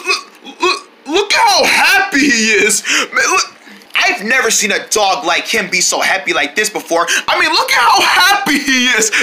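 A woman hosting a playful children's show, talking excitedly to her young viewers in a sing-song way. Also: high voice, noisy background.

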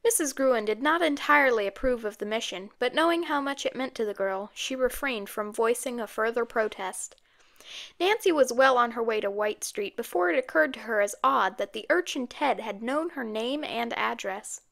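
Woman audiobook narrator, steady and measured, slightly high voice. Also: gravelly.

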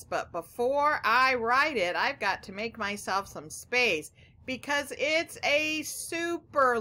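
幼い子どもたちに語りかける女性の先生。ゆっくりと優しい話し方で、少し高めの明るく張りのある声。. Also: female voice, a little high. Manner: slow, gentle, talks directly to young children. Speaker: teacher. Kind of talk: children's phonics lesson.

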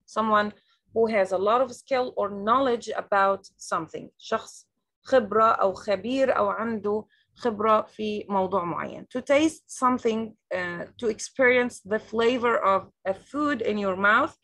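A woman's voice: mid-range voice, a little fast, a bit bright. A woman with an Egyptian accent teaching an online English lesson over a video call. She repeats each new word several times and explains it in Arabic.

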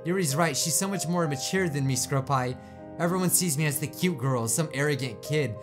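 A man's voice: a little high, fairly quick, music in the background, voice pushed down, natural voice. A man reading as a sad, self-blaming teen girl. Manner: quiet, flat reading with little acting.

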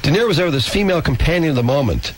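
An American man hosting morning radio, reading a book aloud and acting out quoted lines, taped from a radio broadcast. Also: racing. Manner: animated reading, acts out quoted lines in a high voice. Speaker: radio morning show host. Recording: home cassette recording of a radio broadcast, faint hiss.

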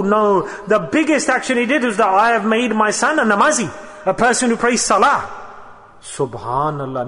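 An older man delivers a sermon in a high-pitched voice, circling back to his words and asking his listeners questions. His voice carries a long reverb, as if in a large hall. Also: a bit bright. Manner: preaching with repetition and rhetorical questions. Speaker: sheikh.

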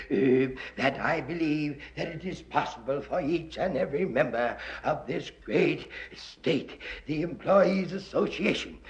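A comedian voicing a smug, wealthy male politician who speaks slowly and halts with ums and ahs. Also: a little high, vocal fry, pitched below the performer's own voice, full character voice. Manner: slow, hesitant, full of ums and ahs. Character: smug rich male politician, pompous and halting. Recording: dull old lo-fi recording.

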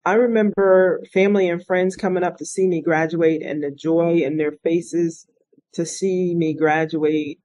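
A woman's voice: low voice, dry recording, poor audio. A middle-aged woman, an interview guest, telling her life story in an earnest, reflective way. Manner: earnest, reflective, animated when quoting others. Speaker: interview guest, retired state police officer. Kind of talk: conversational storytelling.

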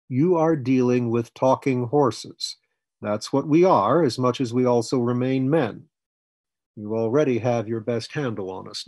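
A man voicing Fletcher, a calm, firm older mentor who talks in a measured, persuasive way. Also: medium pitch, dry recording. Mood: earnest.

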